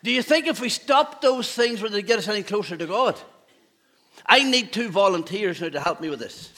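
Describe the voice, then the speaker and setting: A man's voice: high-pitched, animated, moderate pace, bright, forceful tone. A man, a pastor giving a playful children's talk in a church service, asking the children questions. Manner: playful, asks children questions, laughs often.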